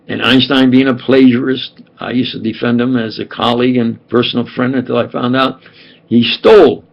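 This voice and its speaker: A man's voice: mid-range voice, gravelly, muffled recording. An older man from New York with a New York accent, rambling emphatically and repeating himself in a home monologue. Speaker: self-styled scientist and preacher.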